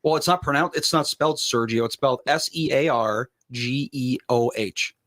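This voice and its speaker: A man in a casual panel chat, reading facts aloud in a drawn-out way. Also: mid-range voice, a bit bright, dry recording.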